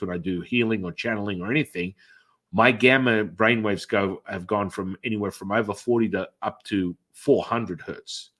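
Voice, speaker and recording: With a lowish voice, a middle-aged man hosting an interview tells stories at length. This podcast host and energy healer rambles, restarts, leans on fillers, and animatedly acts out other people's reactions by shifting his voice.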